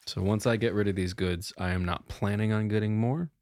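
A man's voice: on the low side, fairly even intonation, brisk, darkish tone, no room sound, studio quality. A man playing a smuggler in a tabletop role-play, talking in an easygoing, persuasive salesman patter. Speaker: player voicing a smuggler.

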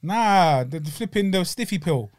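A London man co-hosting a podcast, his voice sitting high. He talks in animated, slang-heavy bursts and leans hard on every point. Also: moderate pace. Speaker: podcast co-host. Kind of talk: casual chat.

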